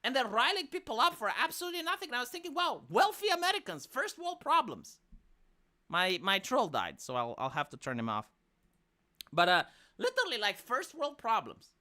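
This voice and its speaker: Animated, bright-voiced Romanian woman streamer. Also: fairly high pitch, a little fast. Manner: profane, exasperated, animated. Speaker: live streamer. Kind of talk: casual commentary rant.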